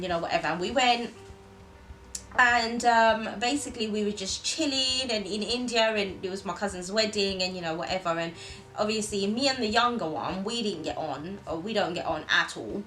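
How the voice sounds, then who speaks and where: Young woman, vlogger, casual confessional chat, mid pitch, faint music under. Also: low-quality recording. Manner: chatty, animated quoting of others. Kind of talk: casual storytelling chat to camera.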